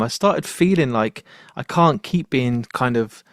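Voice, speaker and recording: A man's voice: mid-range voice, measured pace, no echo. Male podcast host, dry sound. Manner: chatty, animated storytelling, swears casually. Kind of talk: casual conversational interview.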